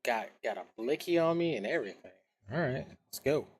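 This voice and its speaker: A man's voice: medium pitch, expressive, brisk, breathy edge. A man streaming a video game, chatting casually with his viewers in a loose, rambling way, swearing now and then and humming little scat noises. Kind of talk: casual gaming stream chat.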